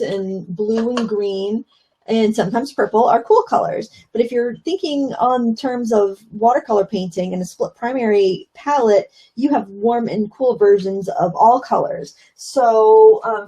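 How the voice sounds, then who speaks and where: A middle-aged woman leads a live watercolor lesson, explaining casually as she paints. Her voice is mellow and a little gravelly, and she talks in a chatty way with plenty of fillers. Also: mid-range voice, rough recording. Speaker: watercolor instructor.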